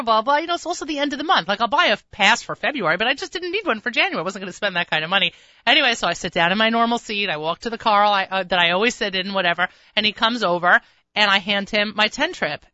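Bright chatty New woman radio host. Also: mid-range voice, no echo, highs cut off. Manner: chatty, rambling storyteller with quick asides. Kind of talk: casual radio chat. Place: radio studio.

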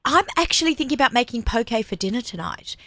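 A woman's voice: on the high side, expressive, quick pace, a bit bright, a little hiss or hum. A woman hosting a casual radio interview, chatty and bubbly, laughing often. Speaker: radio host.

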